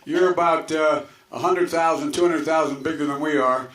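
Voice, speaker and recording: An older Delaware man running for office gives a campaign speech to a crowd, his voice on the high side and a bit bright. He speaks at normal speed with fairly even intonation, telling rambling, folksy stories with chuckles and asides. The hall echoes, with faint noise in the background.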